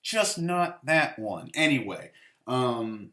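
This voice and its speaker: A man's voice: medium pitch, big pitch swings, slow, bright, forceful tone. A man hosting a casual movie review show, rambling and sarcastic, with lots of "like" and swearing. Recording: roomy echo.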